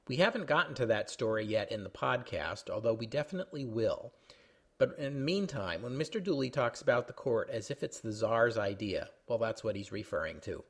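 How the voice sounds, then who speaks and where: A male history podcast host sets up the context before a reading. His voice sits at a middle pitch, and his delivery is plain, friendly and informative. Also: husky. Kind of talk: explanatory commentary.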